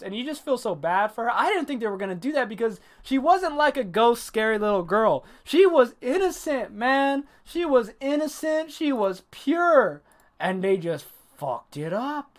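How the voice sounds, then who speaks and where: A man whose voice sits high casually reviews an episode of anime while streaming live. He's animated and curses a lot, pausing at times to say hi to chat and answer them.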